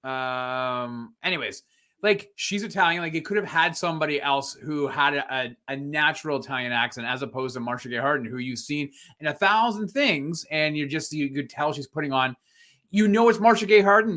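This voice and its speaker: Man, podcast host, casual movie chat, bright voice, animated, rambling. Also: a little high, a little fast. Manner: rambling, animated, laughs often.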